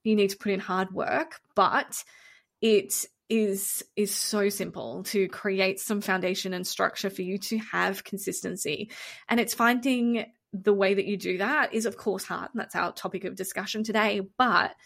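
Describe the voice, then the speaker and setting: A woman co-hosts a casual podcast chat. She is blunt and exasperated, and she swears freely. Her voice sits at a middle pitch for a woman. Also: normal speed, vocal fry, fairly bright tone. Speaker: podcast co-host.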